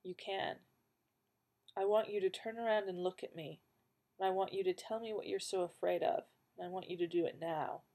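A woman reading the part of a calm, wry male companion in an audiobook, speaking in a dry, teasing and firm way. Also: on the low side, moderate pace.

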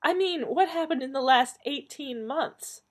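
A woman's voice: very animated, moderate pace, breathy edge, heavily acted. Donna, a woman voicing an agitated young woman. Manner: exasperated, pitched up and emphatic. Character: agitated confused adult woman, quick-tempered.

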